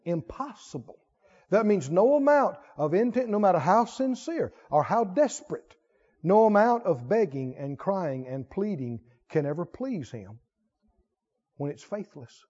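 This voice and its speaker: Male preacher, sermon, rhetorical questions, emphatic repetition; high, animated voice; dull lo-fi recording. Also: measured pace, slightly rough.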